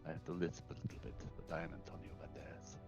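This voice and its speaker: A man's voice: racing, over music, close to an everyday voice. A man putting on a Spanish accent with a slight lisp, playing a suave swordsman type. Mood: playful. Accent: Spanish (put-on).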